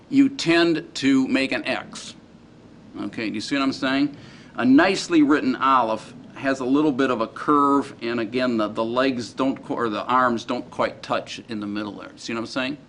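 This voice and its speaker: A man teaching a class in a casual, halting way, often checking in with his students. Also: mid-range voice, fairly bright tone, a little hiss or hum. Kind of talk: classroom lecture.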